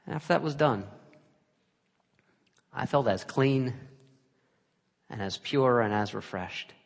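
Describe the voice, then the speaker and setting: A man preaching a sermon in a church sanctuary, his voice ringing with a long hall reverb. He tells his story dramatically, sinking to hushed, breathy near-whispers, then rising to loud, emphatic stresses, all at a middle pitch. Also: slow. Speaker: pastor.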